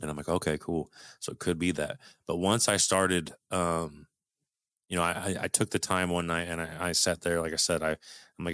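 A man's voice: deep voice, little pitch movement, a little fast, fairly bright tone, no room sound, studio quality. A middle-aged man telling a personal story in casual conversation, earnest and swearing freely, often restarting sentences.

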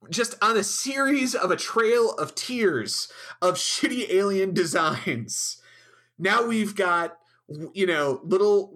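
A man's voice: sits high, fairly bright tone. A man co-hosting a casual comedic podcast, trading crude, profane, biting jokes about a TV episode. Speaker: podcast co-host. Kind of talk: casual comedic show recap.

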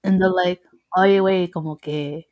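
A woman's voice: lowish voice, fairly even intonation, moderate pace, dull audio. Young woman telling a story. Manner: mixes English and Spanish, swears freely, laughs often. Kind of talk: casual chat.

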